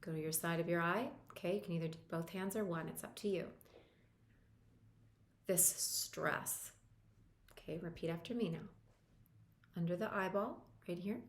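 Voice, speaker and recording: A woman with a lowish voice leads a guided tapping lesson, calm and reassuring as she walks the listener step by step. The sound carries a roomy echo. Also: moderate pace, pauses often. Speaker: EFT practitioner and coach.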